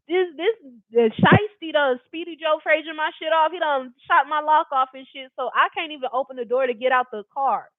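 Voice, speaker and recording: A woman's voice: sits high, brisk, dry recording. A woman telling a personal story in a casual storytime style, blunt, emphatic and full of profanity. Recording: tinny phone-like dry recording.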